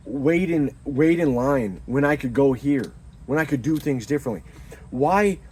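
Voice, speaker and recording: A young man talks through earnest life advice in a loose, preachy monologue, circling back and restarting his sentences as he goes. His voice is mellow and warm at an ordinary pitch. Faint car and road noise hums behind him. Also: rough recording. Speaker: vlogger giving life advice. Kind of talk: casual motivational monologue.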